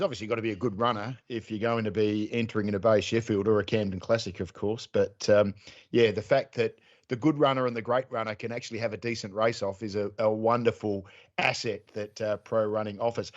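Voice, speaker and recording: A man hosting a sports podcast, asking chatty, enthusiastic questions. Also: lowish voice. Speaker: podcast host. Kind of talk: podcast interview. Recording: dull, muffled podcast audio.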